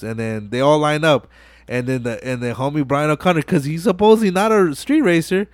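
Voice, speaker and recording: A man's voice: medium pitch, no echo. Slangy man recapping a movie, dry sound. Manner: slangy, profane, animated storytelling with many fillers. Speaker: podcast host.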